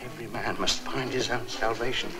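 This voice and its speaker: An actor playing an exasperated, theatrical comic lead in a 1960s film, heard from an old soundtrack. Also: male voice, medium pitch, steady tone, a little fast, over loud music, close to an everyday voice. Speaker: film character. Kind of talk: 1960s film comedy acting.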